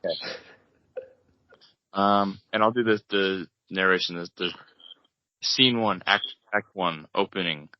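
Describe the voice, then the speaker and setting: A man co-hosting a podcast, narrating an improvised comedic table read in a rambling, halting way. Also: sits low, no room sound. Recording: dull, lo-fi, dry podcast mic.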